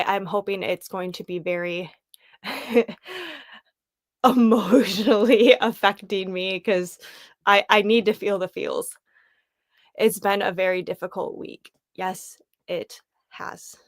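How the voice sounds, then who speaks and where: A woman hosts a casual livestream, chatting and rambling while she thinks aloud. Her voice sits in an ordinary middle pitch and sounds dry and close, with no room around it. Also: steady tone, a little slow, fairly bright tone, dry recording. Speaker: livestream host.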